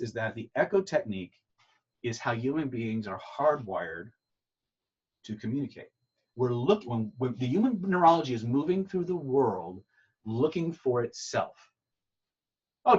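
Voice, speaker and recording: A man teaching communication skills in an animated storytelling way, restarting phrases often, over a video call. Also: mid-range voice, normal speed, slightly rough, distant mic. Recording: dull lo-fi sound.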